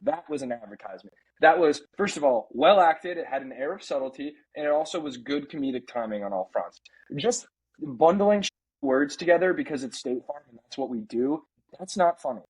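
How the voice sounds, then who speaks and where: A man co-hosting a casual sports podcast, ranting in an animated way and slipping into mock impressions. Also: fairly high pitch, a little fast, husky, rough recording. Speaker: podcast co-host.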